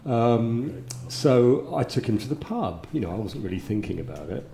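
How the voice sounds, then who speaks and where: A man's voice: medium pitch, lively intonation, moderate pace, creaky, warm tone, reverberant, a little hiss or hum. A man telling a self-mocking story about his first job. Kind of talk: casual chat, anecdotes.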